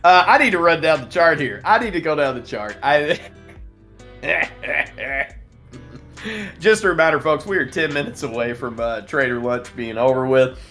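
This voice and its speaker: A man's voice: a little high, animated, moderate pace, sharp tone, soft background music. A man hosting a live trading stream, chatting casually and reading out viewer comments, laughing often and rambling with many restarts. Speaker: livestream trading show host.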